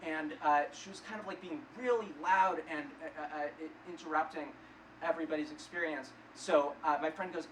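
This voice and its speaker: In a live club recording that's roomy, distant and full of crowd noise, a young man does a stand-up set on a comedy club stage before an audience. His voice is on the high side and a little fast as he tells awkward stories at his own expense.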